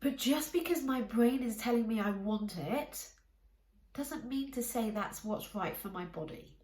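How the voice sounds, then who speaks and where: Calm woman coaching, echoey room. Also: on the high side, measured pace. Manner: calm, encouraging, speaks directly to listener. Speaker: life coach. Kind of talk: coaching talk to camera.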